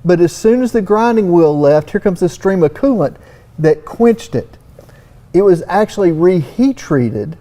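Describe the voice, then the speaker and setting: Speaking a little slowly in a high, expressive voice with a dark tone, a Southern US man rambles folksily, saying "you know" again and again. He's a surface-finishing expert on a trade expo stage, giving casual technical panel talk as a guest.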